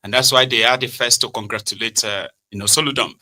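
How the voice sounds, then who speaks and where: A man's voice: mid-range voice, steady tone, quick pace, pushed and bright, low-quality recording. A Nigerian man hosting a political talk show, chatty and sarcastic, often tagging his remarks with "right?". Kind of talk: casual political commentary.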